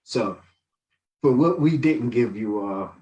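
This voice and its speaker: A man's voice: mid-range voice, expressive, slow, a little mellow, recorded from a distance, muffled recording. A man in his sixties giving a rambling, reflective testimony as a podcast guest, full of fillers. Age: 60s. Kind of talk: casual storytelling testimony.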